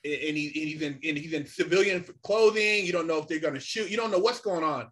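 A middle-aged man telling a story casually and animatedly, swearing often and filling pauses with "you know" and "man". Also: fairly high pitch. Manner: animated, swears a lot, many fillers. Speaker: podcast guest.

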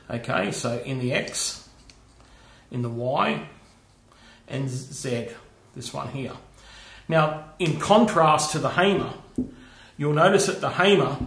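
A man's voice: a little high, fairly bright tone, roomy sound. A man giving a casual workshop demonstration of machining tools, chatty, often checking in with "okay" and "all right". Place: home workshop.

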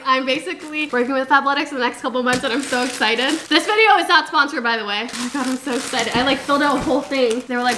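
A woman's voice: sits high, background noise. A young woman in her twenties chatting casually at home about things she got, gushing and chatty with some swearing. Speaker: vlogger. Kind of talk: casual haul chat.

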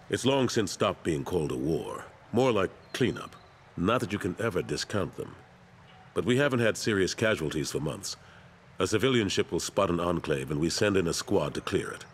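An actor voicing a weary older male soldier turned councilor in a video game, speaking calmly and earnestly. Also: deep voice, a little hiss or hum.

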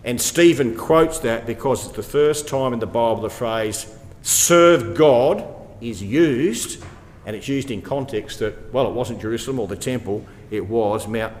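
A man's voice: lowish voice, moderate pace, a little mellow. A man giving an expository Bible talk, asking rhetorical questions and hammering points home by repeating them. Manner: rhetorical questions, emphatic repetition. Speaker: Bible study speaker. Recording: long hall reverb.

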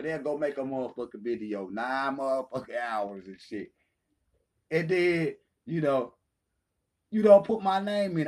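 A man with a somewhat high voice rants in a heated callout video, taunting his rivals and swearing without pause. He keeps it loud and mocking, dropping into a lower voice when he mimics others. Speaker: channel host. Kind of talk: profane ranting callout video.

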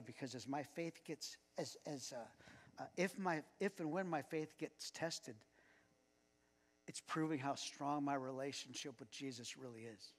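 A man's voice: mid-range voice, unhurried. A man preaching a sermon as pastor. He speaks conversationally and chuckles as he tells personal anecdotes. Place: church sanctuary. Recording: long church reverb.

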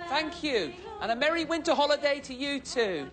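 A man's voice: very high-pitched, sing-song, moderate pace. An actor playing a cheerful, eager-to-please station helper on a children's TV show, chatty and very polite, talking to himself as he works. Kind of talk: scripted children's TV acting.

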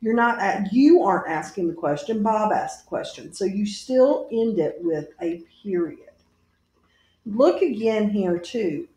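A woman teacher giving a recorded grammar lesson to her class, patient and deliberate, spelling out each punctuation mark aloud. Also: mid-range voice, animated, dark tone, echoey room.

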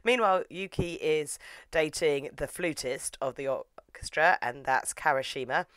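A woman reviewer recapping in a relaxed, chatty way, with sarcastic asides and lively swings in pitch. Her voice is recorded close and dry. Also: unhurried, no echo. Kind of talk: casual recap commentary.

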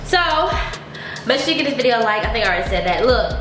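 Breathless woman vlogger, high voice, blunt and chatty, echoey room with music under her. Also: lively intonation, racing. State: short of breath. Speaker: reaction vlogger. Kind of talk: casual reaction commentary.

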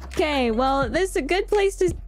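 A woman's voice: high voice, expressive, moderate pace, soft background music. A woman streamer in casual gaming chat, taunting and trash-talking playfully.

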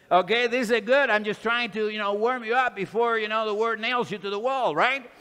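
A man's voice: extremely high pitch, bright, forceful tone, clean tone. A man preaching a fervent sermon and reading scripture aloud in a church hall. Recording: long hall reverb.

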